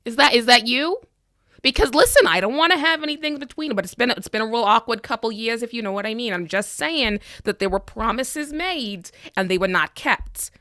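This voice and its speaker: A woman's voice: fairly low pitch, animated, moderate pace, bright, forceful tone, dry recording, studio quality. A woman playing a flustered young adventurer who rambles awkwardly in a tabletop game. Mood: indignant.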